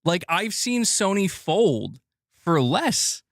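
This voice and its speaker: A man's voice: high-pitched, sing-song, takes it slowly, dry recording, clean studio sound. A man hosting a live gaming news stream, ranting casually and swearing as he talks to his chat.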